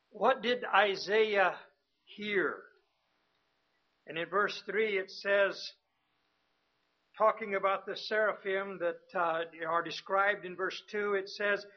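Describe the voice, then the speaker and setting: A man who is a missionary, preaching a sermon slowly and emphatically, rising in pitch and volume when he repeats words. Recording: dull, lo-fi sound.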